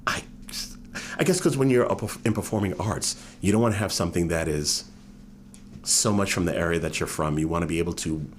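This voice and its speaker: A man with a non-regional American accent, a guest author telling animated stories in a casual interview. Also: deep voice, fairly quick, a little hiss or hum. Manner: animated storyteller, drops into impressions.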